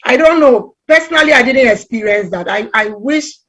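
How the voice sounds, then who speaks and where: Animated woman telling stories, fairly high voice. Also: moderate pace, breathy edge. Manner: animated storytelling, acts out quoted voices. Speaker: relationship talk guest speaker. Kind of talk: conversational talk on relationships.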